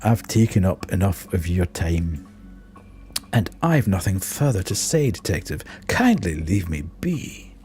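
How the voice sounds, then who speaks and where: A man's voice: low voice, sing-song, a little slow, a little mellow, soft background music, pitched below the performer's own voice. A man voicing a haughty rich older man in a game, pompous and condescending.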